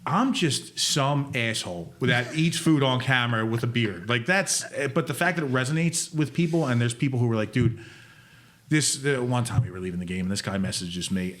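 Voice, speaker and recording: A man in his thirties, a podcast guest who tells animated stories and jokes in casual chat. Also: mid-range voice. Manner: animated storyteller, quick to joke. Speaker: podcast guest, food content creator.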